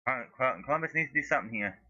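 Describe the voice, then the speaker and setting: A man calling a live match as a fan in a watch-along, his voice sharply bright and cutting. He swears freely and his pitch leaps up whenever play goes against his side. The audio is dull and lo-fi. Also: expressive, rapid-fire, no room sound. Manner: heated, profane ranting with sudden high-pitched outbursts.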